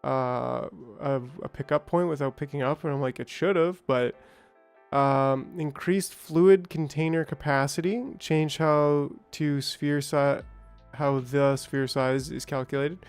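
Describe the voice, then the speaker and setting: Easygoing streamer guy, chatty and rambling, smooth clear voice a touch high, faint music under him. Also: steady tone, slow pace. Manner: rambling, chatty, greets viewers by name. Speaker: gaming streamer. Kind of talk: casual let's-play commentary.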